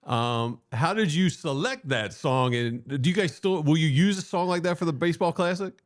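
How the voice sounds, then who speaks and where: A man interviewing a guest, asking rambling, quick questions. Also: fairly high pitch.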